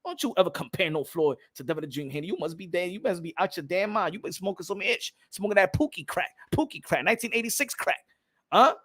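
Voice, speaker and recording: A young American man ranting in loud, slangy boxing commentary, mocking and repeating himself. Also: sits high, expressive, fast talker. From United States.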